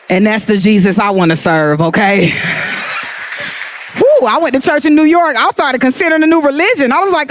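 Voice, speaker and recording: A woman performs stand-up comedy, telling animated stories. She acts out voices and laughs often, and her pitch swings widely from low to high. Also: unhurried. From Atlanta, USA.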